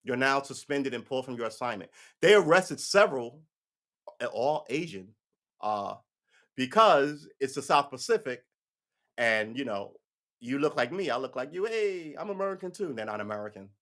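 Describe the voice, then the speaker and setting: A man's voice: mid-range voice, lively intonation, moderate pace, a bit bright. A man giving casual, profane political commentary on a livestream, ranting and slipping into mocking voices.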